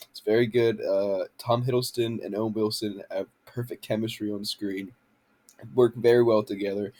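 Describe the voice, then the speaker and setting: A man's voice: mid-range voice, a little mellow. A young man ranting about a show in a casual home vlog, swearing and rambling with lots of fillers into a handheld camera. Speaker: vlogger.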